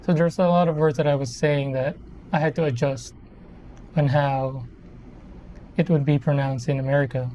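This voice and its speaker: A person in their thirties from the Philippines builds a model kit during a live stream, chatting casually, rambling and self-correcting. The medium-pitched, mellow voice has fairly even intonation, a moderate pace and long pauses, with a little hiss or hum.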